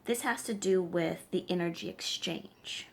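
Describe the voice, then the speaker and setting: A woman's voice: on the low side, unhurried, vocal fry. A woman tarot reader giving emphatic advice straight to her viewers, often checking in with them as she lectures. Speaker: tarot reader and spiritual practitioner. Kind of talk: direct-to-camera advice vlog.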